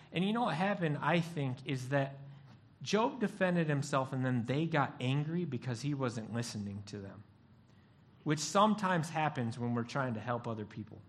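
A man's voice: medium pitch, normal speed. A male pastor giving a sermon, telling stories and acting out the voices of the people in them. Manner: animated storytelling, acts out voices.

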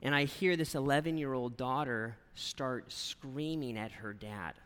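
Pastor with a bright voice in a reverberant hall. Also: male voice, medium pitch, measured pace. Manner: animated storyteller, conversational, keeps asking "right?". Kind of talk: sermon with a personal story. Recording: long reverb of a large hall.

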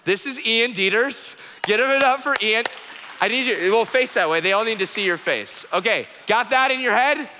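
Animated preacher in an echoing hall. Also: male voice, sits high, moderate pace, background noise. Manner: animated, joking, repeats key phrases, frequent restarts. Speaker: pastor. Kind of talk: sermon.

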